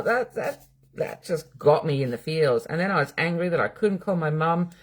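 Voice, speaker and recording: Streaming live from her home, a middle-aged Australian psychic medium talks casually with her audience, swearing plenty and replying bluntly to their comments. Her pitch is fairly low.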